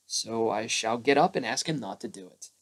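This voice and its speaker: A man doing Pooh, a mild gentle bear. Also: mid-range voice, expressive, moderate pace, lightly acted. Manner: mild, puzzled.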